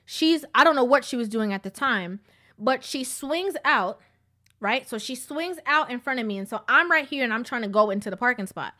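High-voiced woman preaching through a story. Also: expressive, moderate pace, bright, forceful tone. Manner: preachy, repeats herself for emphasis. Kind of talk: casual storytelling commentary.

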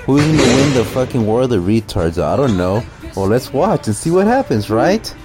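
A man's voice: mid-range voice, very animated, moderate pace, music in the background. A man doing profane, mocking commentary over a video clip, with a sneering, swearing manner.

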